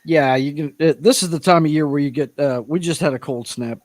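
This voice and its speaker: Guest man from Louisiana, slightly high voice, dry sound, stuffy, easygoing. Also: a little fast, darkish tone, dry recording. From Louisiana, USA. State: stuffy from allergies. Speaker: panel guest. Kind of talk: casual chat.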